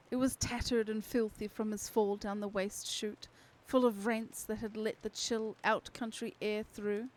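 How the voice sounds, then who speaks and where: A woman narrating a novel aloud for a live stream audience. Her delivery is slow and steady, with a slightly high voice and expressive phrasing. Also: poor audio. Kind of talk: unhurried storybook reading.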